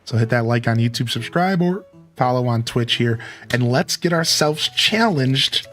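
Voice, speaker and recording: A man's voice: medium pitch, expressive, normal speed, a bit bright, soft background music. A man streaming a cozy building game, chatty and upbeat as he thinks aloud about his choices. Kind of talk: let's play commentary.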